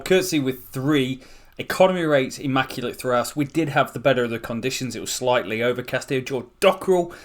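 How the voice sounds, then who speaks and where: A man talks through a sports management game in a relaxed, conversational way, thinking aloud about his choices. His voice sits at an ordinary middle pitch and stays easygoing throughout. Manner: chatty, thinks aloud, upbeat. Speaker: gameplay commentator. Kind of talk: casual game commentary.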